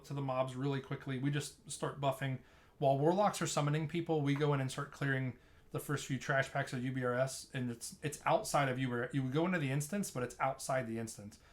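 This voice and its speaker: Narrating a replay of his own play, a male streamer casually explains raid tanking tactics. His pitch is medium, and his loose talk is full of restarts.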